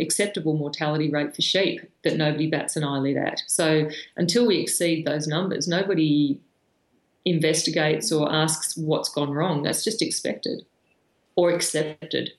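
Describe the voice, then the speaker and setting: An Australian woman, a veterinarian guest, frankly telling stories from her work in an interview, with many fillers and restarts. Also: deep voice. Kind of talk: conversational storytelling interview. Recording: roomy echo.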